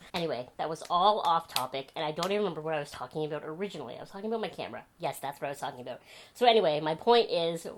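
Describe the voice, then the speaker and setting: A young woman vlogging at home, chatting to the camera and telling animated stories with laughs. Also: sits low, fast talker, noisy background. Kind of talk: casual chat to camera. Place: home bedroom.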